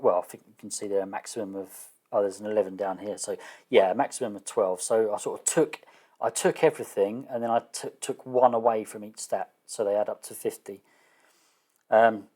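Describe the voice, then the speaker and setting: A man explaining his solo tabletop game setup in a casual, hesitant way, often pausing with fillers and restarting sentences, and unsure of some terms. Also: on the low side, a little mellow. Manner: self-deprecating, unsure of terms. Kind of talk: casual thinking-aloud explanation.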